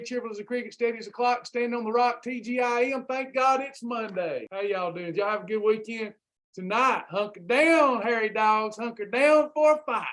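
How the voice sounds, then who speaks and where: A man's voice: high voice, a bit bright. A man hosting a Christian weight loss livestream, fired up and preachy, repeating his phrases. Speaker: host of a weight loss program. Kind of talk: Christian motivational livestream talk.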